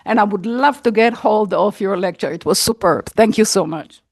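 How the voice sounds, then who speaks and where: A woman's voice: medium pitch, moderate pace, darkish tone, no echo, studio quality. A woman in the audience making an earnest, emphatic comment, repeating her key words. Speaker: audience member asking a question. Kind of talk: unscripted comment from the floor.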